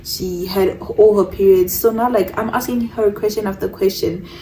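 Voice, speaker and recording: A woman's voice: mid-range voice, fairly even intonation, moderate pace, mellow, far from the mic, rough recording. Young woman rambling thru a story, stumbles on words, faint background hum. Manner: rambling, repeats herself, stumbles over words. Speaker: vlogger telling a personal story. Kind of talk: casual storytime. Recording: voice a bit off-mic.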